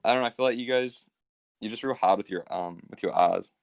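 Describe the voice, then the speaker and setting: A young man with a New Zealand accent, talking in a very low voice with a relaxed, easygoing drawl. He swears casually and leans on fillers. The sound is dry and close. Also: quick pace, vocal fry, dry recording. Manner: laid-back, loose and swearing, many fillers. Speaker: podcast guest. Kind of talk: casual chat.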